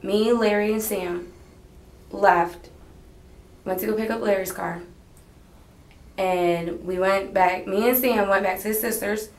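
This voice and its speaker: A young woman in a police interview room rambles hesitantly through her account. Her voice sits at an ordinary middle pitch. The archival recording carries a noticeable echo from the room. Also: fairly even intonation, a little slow, long pauses. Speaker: witness being questioned.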